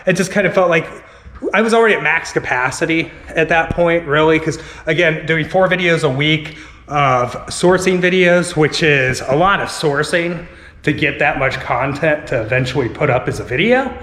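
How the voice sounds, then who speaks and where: Slightly hoarse male vlogger, casual rambling delivery, fairly high voice, roomy echoing recording with long tail. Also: normal speed, a bit bright. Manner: rambling, full of "like" fillers. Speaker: vlogger and online reseller. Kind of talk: casual talk to camera. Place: inside a house. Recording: echoey room with long reverb.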